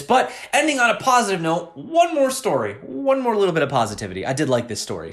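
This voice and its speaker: A young man hosting a crypto news channel, chatting casually and talking straight to his viewers. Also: fairly high pitch. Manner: chatty, addresses viewers directly.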